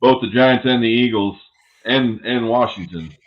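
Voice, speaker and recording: A man's voice: medium pitch, moderate pace. A man co-hosting a casual sports podcast, laid-back and agreeable as he talks football. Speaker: podcast co-host, Cowboys fan. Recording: dull lo-fi sound.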